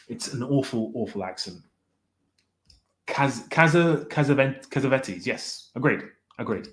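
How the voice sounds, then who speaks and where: A man's voice: mid-range voice, expressive, a little slow. A man casually chatting on a livestream, reading the chat aloud and rambling while he corrects himself as he ranks directors. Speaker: streamer ranking directors with live chat.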